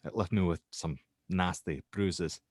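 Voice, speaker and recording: Young Scottish student, male, a man putting on the accent, lowish voice, halting, dry close sound. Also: breathy edge, no room sound. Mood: uneasy recounting. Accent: put-on Scottish. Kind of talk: dramatic reading of a horror statement.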